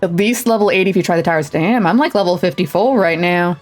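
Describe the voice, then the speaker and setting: A woman's voice: lowish voice, quick pace, darkish tone, soft background music. A woman streaming a video game, chatting casually and thinking aloud with self-deprecating asides. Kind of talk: casual let's-play commentary.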